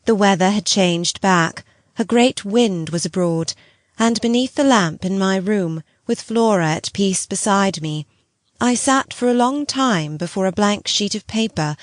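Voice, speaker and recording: A woman narrating a gothic novel audiobook with an expressive, measured reading. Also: medium pitch, no room sound, studio quality.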